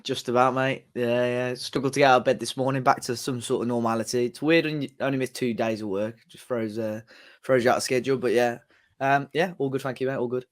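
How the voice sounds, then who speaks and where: A man's voice: medium pitch, fairly even intonation, fast talker. A man with an English accent, a regular on a football podcast, chatting casually and telling a rambling anecdote. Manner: rambling anecdotal storytelling with fillers. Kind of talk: casual chat.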